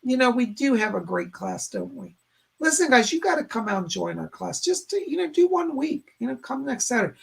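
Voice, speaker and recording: Male psychic host on a live stream, gravelly and breathy, chatty while relaying messages to viewers. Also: extremely high pitch, wildly swooping pitch, brisk. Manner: relays spirit messages and thanks donors by name, conversational.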